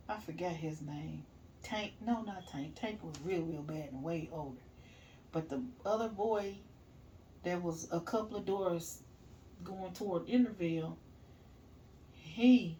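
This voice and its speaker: A middle-aged woman casually telling a story, animated, laughing and swearing as she goes. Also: mid-range voice, recorded from a distance, a little hiss or hum.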